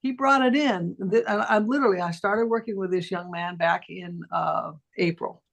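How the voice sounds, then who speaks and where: On a talk stream, a middle-aged woman who works as a voice teacher tells a casual story at normal speed with vocal fry. She voices the people in it using big jumps in pitch.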